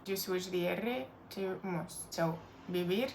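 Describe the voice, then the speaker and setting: Patient woman teaching with slight gravel. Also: fairly low pitch, slow pace, darkish tone, slight background noise. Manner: patient, explanatory, with fillers like "like". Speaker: Spanish teacher. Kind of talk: online language lesson.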